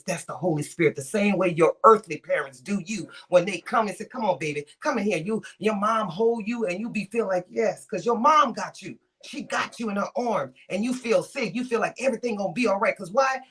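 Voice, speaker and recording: Woman guest preaching at you, repeats herself a lot, goes soft then loud, medium pitch. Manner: emphatic and repetitive, shifting between hushed and loud. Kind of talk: preaching-style encouragement.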